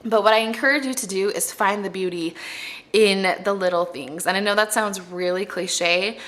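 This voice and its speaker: Bright-voiced young woman giving earnest advice. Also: mid-range voice, normal speed. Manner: earnest and heartfelt, addressing moms directly. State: pregnant. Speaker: mommy vlogger. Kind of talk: casual advice vlog to camera.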